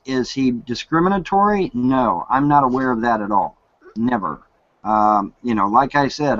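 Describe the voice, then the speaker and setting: A man's voice: medium pitch, a bit bright, no room sound. Man, chat room host, firm, blunt, repetitive, casual swearing, dry close sound, lo-fi. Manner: firm and blunt, repeats his point, swears. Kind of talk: casual online talk.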